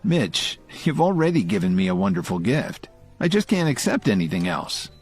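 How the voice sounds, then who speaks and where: A man narrating an audio story voices a polite, modest young man who speaks gently to his friend. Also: fairly low pitch, big pitch swings, normal speed, slightly rough, faint music behind.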